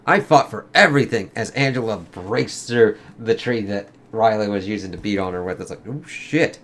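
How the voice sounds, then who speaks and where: Low-voiced man casually reviewing a comic. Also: fairly quick, few pauses, fairly bright tone. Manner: loose, swears, lots of "it's like". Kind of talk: casual review with read-aloud excerpts.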